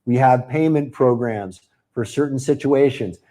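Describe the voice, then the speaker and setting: Mellow, upbeat man hosting a webinar. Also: medium pitch, measured pace. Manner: chatty and upbeat, reads out viewers' comments and answers them by name. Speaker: webinar host selling a marketing program. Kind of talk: live webinar sales pitch.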